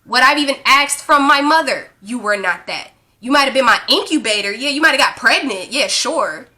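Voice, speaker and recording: A woman's voice: high voice, normal speed. A woman in her twenties ranting in a casual vlog, blunt and profane, acting out arguments as she tells them. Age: 20s. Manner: blunt, profane, animated storytelling. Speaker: vlogger.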